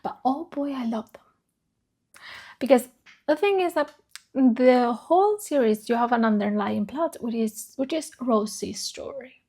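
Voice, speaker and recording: A woman's voice: on the high side, a little slow, a little mellow, slightly rough. A woman chatting casually about books she read, emotional, swearing freely and repeating herself. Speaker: book vlogger. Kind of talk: casual chat.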